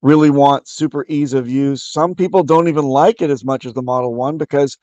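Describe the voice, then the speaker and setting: A man's voice: mid-range voice, brisk, darkish tone, no room sound. A man talking in a casual online voice chat, making his case at length and restarting his sentences as he goes. His voice is dry and close to the mic, with no room sound around it. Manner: opinionated, explains at length with restarts.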